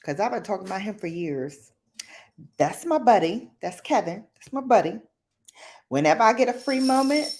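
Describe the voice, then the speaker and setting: A woman hosting a casual late-night livestream, chatting playfully with viewers in a slangy, animated way and acting out quotes. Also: a little high. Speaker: livestream host.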